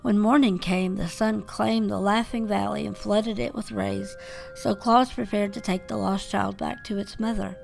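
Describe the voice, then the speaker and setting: A woman reading a classic children's story aloud in a gentle, measured way. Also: mid-range voice, fairly even intonation, vocal fry. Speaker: podcast host reading a children's book aloud. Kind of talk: storybook narration. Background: faint waltz music.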